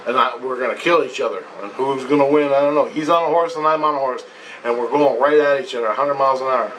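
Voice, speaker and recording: A man retelling a personal experience in a blunt, profane, animated way. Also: medium pitch, fast talker, far from the mic, slight background noise, low-quality recording. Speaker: vlogger. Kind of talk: casual storytelling.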